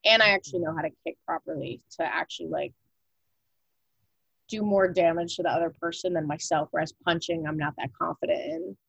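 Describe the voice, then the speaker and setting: A woman's voice: low-pitched, fairly even intonation, brisk, creaky, a bit bright, slightly rough, dry recording, lo-fi sound. A young woman co-hosting a podcast in casual chat, talking loosely with lots of "like" fillers and casual swearing. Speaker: podcast co-host.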